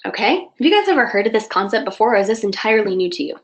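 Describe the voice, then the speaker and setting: A woman's voice: medium pitch, big pitch swings, very fast, low-quality recording. A woman teaching an online writing class to children, talking in a chatty, encouraging way and correcting herself as she goes. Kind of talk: live online class instruction. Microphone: computer mic for online class.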